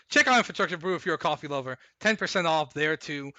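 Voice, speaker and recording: A man's voice: sits high, a little fast, creaky, hardly any pauses, sharp tone, dry recording. A man streaming live, chatting casually, rambling and getting exasperated, repeating himself.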